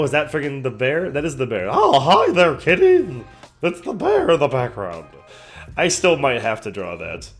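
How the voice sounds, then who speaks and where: A man of middle pitch hosts a reaction video in casual, rambling commentary. He gushes with excitement and swears often, and faint music plays behind him. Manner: excitable, gushing, swears a lot.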